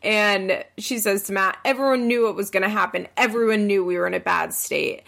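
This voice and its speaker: A woman recapping a reality show in casual chat, swearing and acting out the people she quotes with big jumps in pitch. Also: gravelly, a bit bright.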